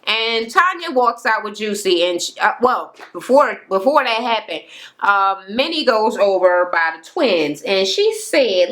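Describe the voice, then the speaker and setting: A woman's voice: mid-range voice, big pitch swings, measured pace, a bit bright. A young woman casually recapping a reality show in a chatty, gossipy way, full of fillers and swearing.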